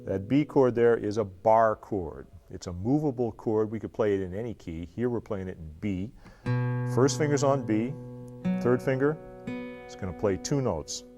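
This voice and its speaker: Low-voiced man teaching blues guitar. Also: moderate pace. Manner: relaxed, talks while playing and counting along. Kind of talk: instructional guitar lesson. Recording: loud guitar under the voice. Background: acoustic guitar playing.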